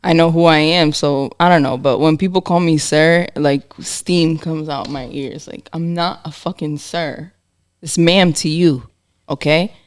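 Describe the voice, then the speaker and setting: A woman co-hosting a podcast in casual chat, candid and animated, laughing often. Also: low voice, measured pace. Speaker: podcast co-host.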